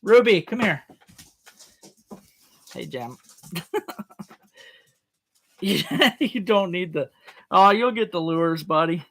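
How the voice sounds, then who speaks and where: A man runs a relaxed live-stream auction, his voice sitting high. He talks at an unhurried pace, repeating each bid, chuckling and greeting viewers by name. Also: creaky. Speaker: livestream host running a tackle auction.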